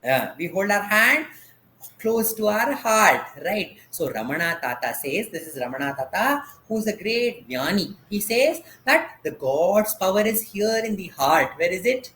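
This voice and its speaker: A man's voice: sits high, very animated, unhurried, pushed and bright, echoey room, slight background noise. A man teaching a dance class over a video call. He patiently asks questions and has the students repeat each term after him.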